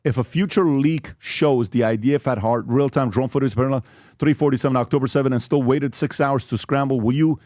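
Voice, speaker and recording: This podcast host has a mid-range, slightly mellow voice and a brisk delivery. He goes through social media posts and questions emphatically, often checking in with "okay?", and the studio-quality sound has no echo.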